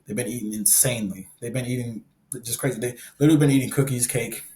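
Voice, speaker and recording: A man's voice: medium pitch, steady tone, fast, warm tone, roomy sound, slight background noise. A young adult man talking as a fitness coach, blunt and emphatic, swearing freely and hammering his points with repeated phrases. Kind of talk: blunt motivational monologue.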